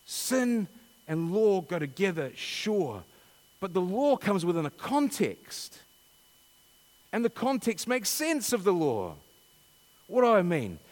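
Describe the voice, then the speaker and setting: A man's voice: high voice, big pitch swings, slow pace, long pauses, darkish tone, in a large hall. A man preaching a sermon, asking rhetorical questions and reading scripture dramatically.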